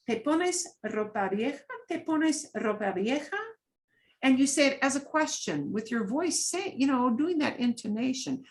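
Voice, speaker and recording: Female Spanish teacher, middle-aged, unhurried and patient, lots of rise and fall in her voice. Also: a little high. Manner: switches between Spanish and English, patient and explanatory. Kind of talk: online language lesson.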